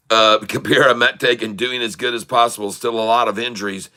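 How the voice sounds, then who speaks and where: A man's voice: mid-range voice, steady tone, normal speed, bright, forceful tone. A man hosting a live day-trading stream, chatting in a rambling, folksy way and laughing at his own jokes. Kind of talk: casual live-stream chat.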